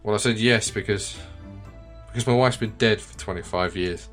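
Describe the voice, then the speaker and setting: A man's voice: on the low side, normal speed, a bit bright, soft background music, close to an everyday voice. Man reading as a bitter middle-aged widowed farmer. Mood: resentful. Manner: resentful, defensive, plain-spoken.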